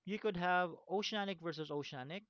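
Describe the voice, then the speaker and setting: A man's voice: sits high, a little fast, fairly bright tone, no room sound, muffled recording. A man teaching a screen-recorded lesson, walking through steps, often checking in with "okay?" and "right?", with a chuckle at his own slips. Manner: repetitive, stops to check understanding with "okay?" and "right?".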